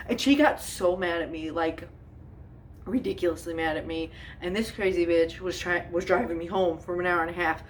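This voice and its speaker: A woman's voice: mid-range voice, expressive, moderate pace, fairly bright tone, distant mic, a little hiss or hum. A woman chatting casually as she bakes in her home kitchen, telling a storytime with exasperation, lots of fillers and frequent laughs. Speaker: home cooking vlogger. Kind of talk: casual storytime while baking.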